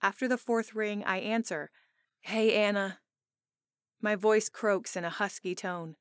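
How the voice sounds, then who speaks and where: Woman narrator, mid-pitched, expressive first-person reading, dry close studio sound. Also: normal speed, no echo. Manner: expressive, emotional storytelling. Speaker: audiobook narrator.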